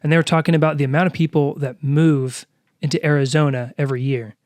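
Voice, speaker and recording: A man's voice: a little high, level tone, a little mellow, no room sound, studio quality. A man in his twenties co-hosting a church podcast, talking earnestly with many fillers. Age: 20s. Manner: quick, earnest, lots of fillers. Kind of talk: casual chat.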